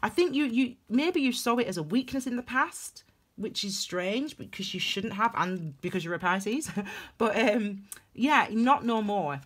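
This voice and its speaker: A young woman giving a casual tarot reading to camera, emphatic and animated, repeating phrases for stress. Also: on the high side, measured pace. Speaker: tarot reader.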